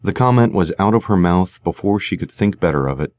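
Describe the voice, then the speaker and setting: Male narrator, deep low voice, suspense audiobook, dry studio sound. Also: animated, brisk, darkish tone, no room sound. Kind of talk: scripted narration.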